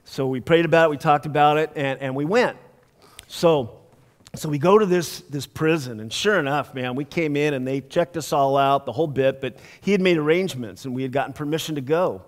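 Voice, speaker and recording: A male pastor giving a conversational storytelling sermon, laughing often and dropping soft for emphasis. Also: fairly high pitch, a little fast. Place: church sanctuary. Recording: long church hall reverb.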